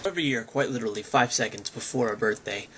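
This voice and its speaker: A young man talking casually to his handheld camera in a daily vlog, chatty and excitable, breaking into squeals. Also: medium pitch, quick pace, slight background noise. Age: young adult. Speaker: vlogger. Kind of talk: casual daily video blog. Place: at home, in a car and outdoors on campus.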